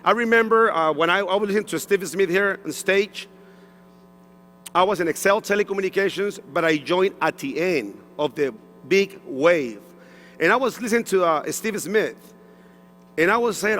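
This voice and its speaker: A man's voice: high voice, expressive, normal speed, fairly bright tone, big-room sound, slight background noise. Emotional Mexican-born man on a stage. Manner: emotional, repeats himself, broken English phrasing. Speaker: stage speaker at a sales event. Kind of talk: personal testimonial speech. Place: large event hall on stage.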